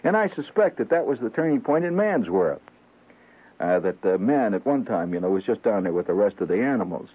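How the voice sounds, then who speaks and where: A male radio host rambles through a comic monologue, halting and full of fillers. His voice is low and husky, with a pitch that bounces up and down. It comes through a tinny, phone-like old radio broadcast. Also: sing-song.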